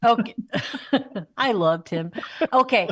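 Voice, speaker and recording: A woman's voice: mid-range voice, expressive, a bit bright. A woman hosting a comedy podcast, reading listener letters aloud and steering the chat. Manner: steers the talk, reacts with quick okays.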